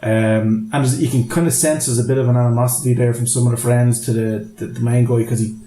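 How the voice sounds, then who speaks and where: A man's voice: mid-range voice, steady tone, quick pace, mellow, echoey room. A man co-hosting a casual movie podcast, telling a long film plot in a rambling way and swearing freely. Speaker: podcast co-host.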